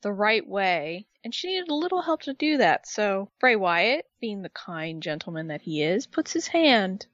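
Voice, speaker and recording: A woman's voice: mid-range voice, dry recording. Sarcastic woman co-host, lo-fi sound. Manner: animated, sarcastic storytelling. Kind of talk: casual wrestling recap chat.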